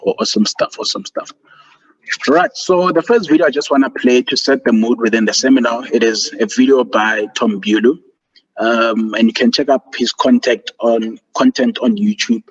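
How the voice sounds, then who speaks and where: Over dull, lo-fi call audio, a man with a medium-pitched, slightly rough voice presents a student seminar by video call at a moderate pace. The motivational online talk is earnest and encouraging, with filler words scattered through it.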